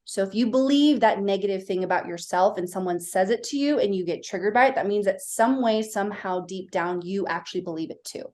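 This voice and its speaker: A woman guest on a podcast, a mindset coach, explaining ideas in a lively way and acting out quoted dialogue as she tells stories. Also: medium pitch, brisk, few pauses. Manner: animated storytelling, acting out quoted voices. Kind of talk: casual interview chat.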